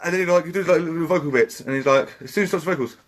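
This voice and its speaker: A man's voice: on the high side, very fast. A man, co-hosting a podcast in casual chat, sweary and sarcastic. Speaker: podcast co-host.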